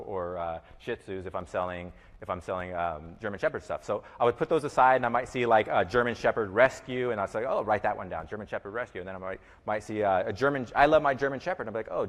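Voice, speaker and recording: A man's voice: lowish voice, a bit bright, long reverb tail. A man giving an informal lesson on online selling, rambling and restarting his sentences, with many fillers and repeated words. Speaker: e-commerce teacher. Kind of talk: informal teaching talk.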